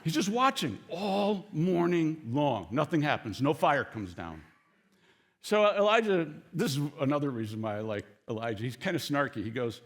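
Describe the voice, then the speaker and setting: Animated man preaching a sermon. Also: on the high side, moderate pace. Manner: animated storytelling, acts out quoted lines; conversational asides to the congregation. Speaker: pastor.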